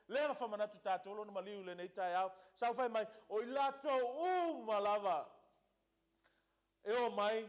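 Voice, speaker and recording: A man preaching from the pulpit, his voice sitting high for a man. He hammers his points home with emphatic repetition and moves back and forth between two languages. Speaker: pastor. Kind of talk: sermon.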